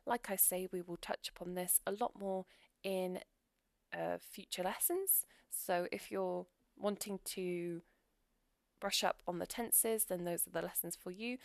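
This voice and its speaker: A woman teaching English grammar in a recorded lesson, explaining clearly and steadily with example sentences. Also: mid-range voice, no room sound, studio quality.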